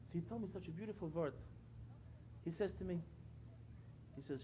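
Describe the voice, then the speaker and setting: Animated man giving a storytelling sermon. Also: high voice, brisk, long pauses, a little hiss or hum. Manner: animated, repeats phrases for emphasis. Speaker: speaker at a religious gathering. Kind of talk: sermon-style talk with storytelling. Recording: dull lo-fi recording.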